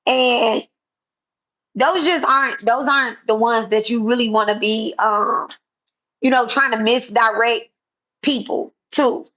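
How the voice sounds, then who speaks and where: A woman's voice: fairly high pitch, fairly even intonation, a little slow, a bit bright. Blunt, confrontational woman on lo-fi audio. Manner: blunt, confrontational, repetitive, casual profanity. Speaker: spiritual content creator. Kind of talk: direct-to-camera callout vlog. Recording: dull lo-fi sound.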